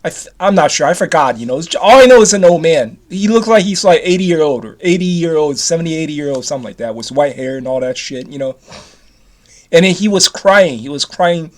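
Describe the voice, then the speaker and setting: High-voiced rambling man in his fifties. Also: animated, fairly quick. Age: 50s. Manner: repetitive, restarts often, casual swearing. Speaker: vlogger. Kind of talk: rambling personal story to camera.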